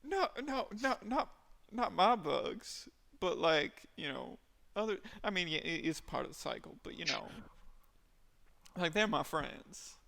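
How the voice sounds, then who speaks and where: A man's voice: fairly high pitch, very animated, measured pace, gravelly, sharp tone, exaggerated voice. A man playing a polite, hesitant ranger. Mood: flustered. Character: gentle male ranger speaking politely to animals.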